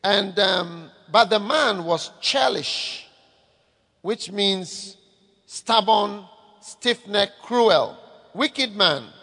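A man preaches a sermon in a high voice and keeps calling out to his listeners for an answer. His words hang in a long reverb from a large hall. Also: expressive, drawn-out words, pushed and bright. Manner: calls for audience response. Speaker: pastor.

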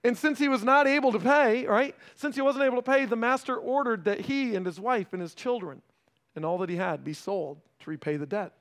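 A pastor preaching a sermon in a conversational way, often checking in with the congregation and dropping to a hushed, slow delivery for emphasis. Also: male voice, very high voice. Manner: swings between raised emphasis and hushed, slowed delivery.

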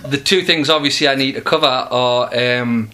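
A man's voice: medium pitch, pushed and bright. A British man hosting a casual podcast, hesitant with many fillers. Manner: hesitant, filler-heavy, slow. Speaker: podcast host. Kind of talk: casual chat.

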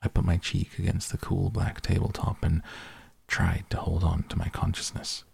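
Gravelly deep-voiced male audiobook narrator. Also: monotone, normal speed, a little mellow, no echo.

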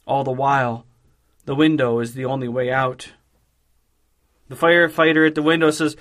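A man preaching a devotional sermon in a measured, emphatic way, slowing down on key phrases. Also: mid-range voice, fairly even intonation, fairly bright tone.

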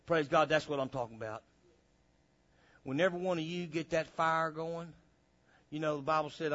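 A man preaching a sermon, animated, acting out little dialogues, on a dull lo-fi recording. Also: medium pitch, normal speed, pauses often. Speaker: pastor.

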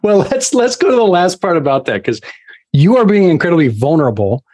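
A man's voice: high-pitched, big pitch swings, a little fast, a little mellow. A man hosting a podcast interview, asking questions conversationally with repeated starts. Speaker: podcast host. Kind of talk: casual interview.

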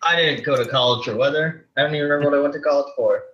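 Excitable man on a dull lo-fi mic. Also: on the high side, very fast. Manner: excitable, swears loudly. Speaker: player. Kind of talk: casual tabletop play.

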